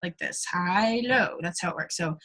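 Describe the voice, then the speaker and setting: A woman's voice: fairly low pitch, normal speed, a bit bright. A young woman casually leading a singing class, chatty and giggly, with lots of ums and likes and short sung demonstrations. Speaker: singing workshop leader.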